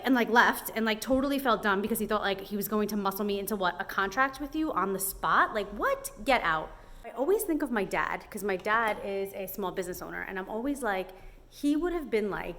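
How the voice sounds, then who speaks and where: A young woman chatting casually in a vlog, telling a story in an animated way and acting out the people in it, with lots of "like" and "um". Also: mid-range voice, fairly quick, a little hiss or hum. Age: young adult. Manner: chatty, many fillers like "like" and "um". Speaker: small business owner.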